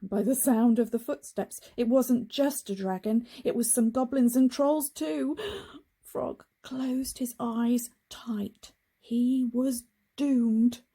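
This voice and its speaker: A woman reading a picture book aloud to children in a very expressive way, with gasps and hushed whispers. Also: a little high, slow pace, husky. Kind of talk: children's storybook read-aloud.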